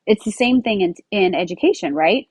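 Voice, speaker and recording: An American woman in her forties hosts a podcast, telling a personal story in a loose, chatty way. She drops in fillers and acts out quoted lines as she goes. Her voice sits at an ordinary middle pitch, recorded close and dry with no room sound. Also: animated, brisk, a little mellow, slightly rough, no echo. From United States. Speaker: podcast host. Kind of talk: casual storytelling monologue.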